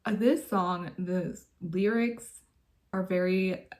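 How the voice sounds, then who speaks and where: A woman's voice: fairly low pitch, fairly even intonation, takes it slowly, a little mellow. A woman vlogger chatting casually from her bedroom, gushing and laughing often as she talks. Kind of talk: casual chat.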